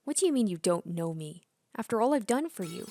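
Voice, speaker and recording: A woman's voice: medium pitch, big pitch swings, fairly quick, mellow. A woman reading aloud the lines of a possessive, imperious young princess girl from a game. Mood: indignant. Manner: bossy, indignant reading.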